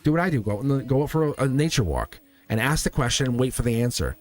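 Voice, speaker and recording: A man's voice: medium pitch, lively intonation, quick pace, a little mellow, soft background music. A man hosting a live-stream tarot reading in a loose, rambling, encouraging way, often checking in with his viewers. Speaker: tarot reader and channel host.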